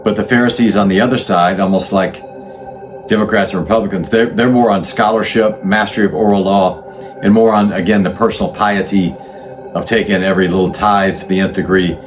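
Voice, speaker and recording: A man with a somewhat low voice explains history in a relaxed, unscripted way. He often stops and restarts mid-phrase as he thinks aloud. Soft music plays faintly behind him. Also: fairly quick. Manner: conversational, thinks aloud with restarts and self-corrections. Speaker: channel host explaining religious history.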